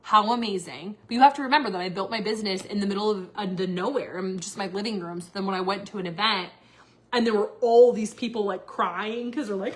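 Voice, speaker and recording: A woman's voice: mid-range voice, quick pace. A young woman talking candidly on a livestream, blunt and filler-heavy, swearing freely. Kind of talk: candid casual livestream rant.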